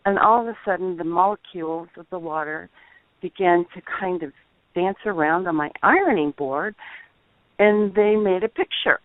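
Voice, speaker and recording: A middle-aged woman calling in, telling a personal testimony in an earnest, halting way, over the phone. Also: on the low side, no echo. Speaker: caller. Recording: tinny dry phone line.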